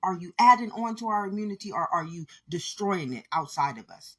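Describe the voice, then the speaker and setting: A woman's voice: lowish voice, lively intonation, fairly quick, breathy edge. A woman giving an impassioned spiritual monologue, speaking intensely and repeating her points as she addresses listeners directly.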